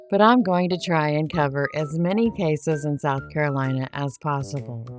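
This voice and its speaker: A woman hosts a true crime podcast and talks back to her critics in a sarcastic, defiant monologue. Her voice sits low, and her tone stays pointed and unbothered. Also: darkish tone. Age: adult, married. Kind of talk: monologue to camera.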